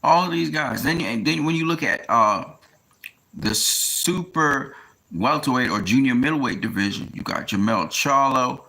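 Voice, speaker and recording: A man talking casually in a rambling monologue, often pausing with fillers as he tries to recall names. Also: medium pitch, pushed and bright. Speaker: boxing commentator.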